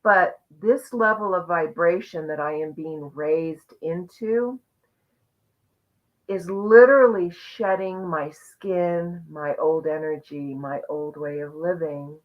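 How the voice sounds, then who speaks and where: A woman hosting a live online conversation, sharing a personal journey in an earnest, reflective, expressive way over a video call. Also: low-pitched, slow. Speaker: host. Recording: muffled lo-fi audio.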